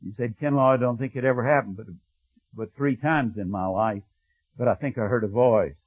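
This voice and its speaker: A man's voice: normal speed, breathy edge, no echo. Man preaching over tinny dry audio. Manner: storytelling, drops to a hushed low voice when quoting. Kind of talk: sermon. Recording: thin phone-like audio, dry.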